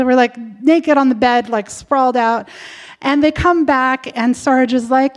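A woman's voice: sits high, moderate pace. A woman telling a personal story in a candid, chatty way, full of fillers.

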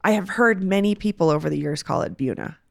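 A woman's voice: medium pitch, fast talker, gravelly, no echo, studio quality. A woman hosting a local news podcast, chatting casually and with energy. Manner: lively, chatty, animated. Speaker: podcast host.

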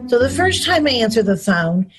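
A woman, a former chief of staff, recounting memories in an interview as a lively storyteller. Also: on the high side, poor audio. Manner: lively storyteller, brisk anecdotes. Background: music.

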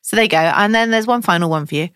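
A woman's voice: mid-range voice, racing, a bit bright, clear, resonant tone. A middle-aged woman co-hosting a podcast, telling stories in casual chat, candid and swearing freely. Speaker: podcast co-host.

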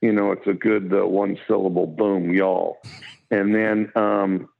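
A football coach from Wyoming with a drawl, answering in a halting way full of fillers and restarts. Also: male voice, lowish voice, flat delivery. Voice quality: gravelly. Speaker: college football coach, guest. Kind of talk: phone interview. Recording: tinny phone line.

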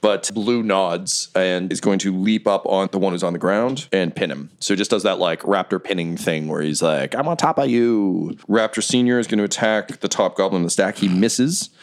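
A man's voice: deep voice, normal speed, few pauses. A man narrating a tabletop game as game master, playful and often laughing.

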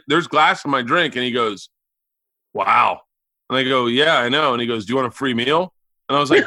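A comedian telling rapid, profane family stories on a podcast and acting out his relatives' voices. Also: fairly high pitch, pushed and bright, no room sound. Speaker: comedian guest. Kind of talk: animated storytelling on a podcast. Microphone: remote call mic.

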